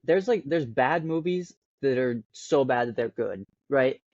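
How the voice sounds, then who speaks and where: A man's voice: medium pitch, animated, measured pace, darkish tone, no room sound. Enthusiastic young man on a dull mic. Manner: enthusiastic, laughs often. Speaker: podcast co-host. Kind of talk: casual chat. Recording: dry, muffled lo-fi mic.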